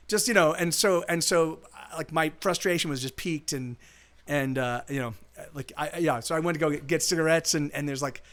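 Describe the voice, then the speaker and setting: A man's voice: on the high side, a bit bright. A man who is a musician chatting casually between songs on his live stream, telling a rambling, profane story. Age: adult.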